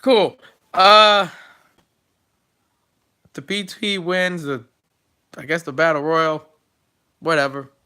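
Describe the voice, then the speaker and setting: A man's voice: a little high, level tone, slow pace, long pauses, bright, forceful tone, clean tone. A man recapping wrestling shows in a casual, sarcastic and exasperated rant. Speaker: wrestling show reviewer.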